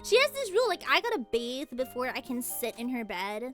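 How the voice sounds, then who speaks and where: A young woman streaming, chatting casually with giggly, animated storytelling. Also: high voice, fairly quick, soft background music. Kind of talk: casual chat.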